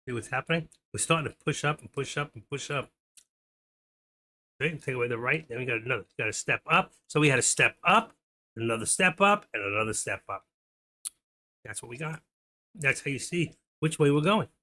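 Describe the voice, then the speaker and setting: A man's voice: mid-range voice, lively intonation, brisk, pauses often, pushed and bright. A middle-aged man hosting a stock trading livestream, chatting casually and talking to viewers by name. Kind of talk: casual live-stream chat while trading.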